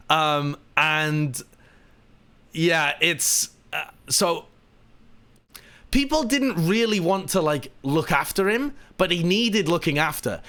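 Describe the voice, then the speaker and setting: A man's voice: fairly high pitch, a bit bright. A man telling a rambling, laughing story to his live stream audience.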